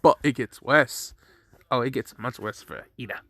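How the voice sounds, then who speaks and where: A man's voice: medium pitch, moderate pace, gravelly, a bit bright, no echo. Rambling man telling a fan story. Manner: rambling, self-correcting, swears freely. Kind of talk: casual story narration.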